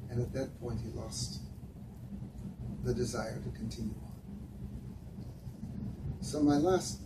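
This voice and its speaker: A man's voice: mid-range voice, steady tone. Earnest man speaking from afar in an echoey room. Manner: earnest, unhurried, pauses often. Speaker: speaker addressing volunteers. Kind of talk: reflective talk with personal stories. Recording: echoey room, heard from a distance, noisy.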